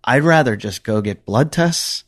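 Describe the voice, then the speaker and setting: Animated, swearing podcast host, a man. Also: medium pitch, measured pace. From Pittsburgh. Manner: animated, profane, jokey storytelling. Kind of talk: casual interview chat.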